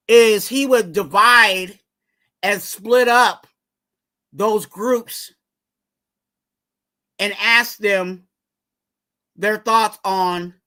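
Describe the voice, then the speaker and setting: A man's voice: sits high, bright, forceful tone. A man hosting a fan channel, giving casual sports commentary in a rambling way and urging viewers to subscribe.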